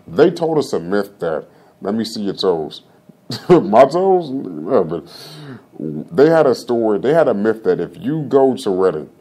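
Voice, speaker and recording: A young man chats on his podcast in a voice that sits a little low. He rambles, jokes and swears freely. He drifts off topic and then pulls himself back. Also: dark tone. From Vallejo, Northern California. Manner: rambling, joking and profane, often trailing off topic. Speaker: podcast host. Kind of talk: casual livestream chat.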